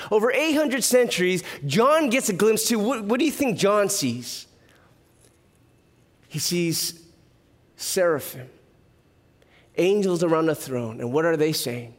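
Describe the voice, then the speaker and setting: High-voiced man preaching a sermon. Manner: lively storytelling with humor and rhetorical questions. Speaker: pastor.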